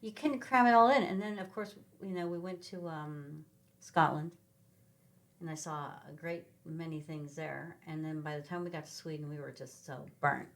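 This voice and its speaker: A middle-aged woman from Sacramento, a podcast guest, telling rambling, animated travel stories in a casual chat with lots of ums. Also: sits low, normal speed. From Sacramento, California. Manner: rambling, animated travel anecdotes with many fillers. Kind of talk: casual conversational storytelling.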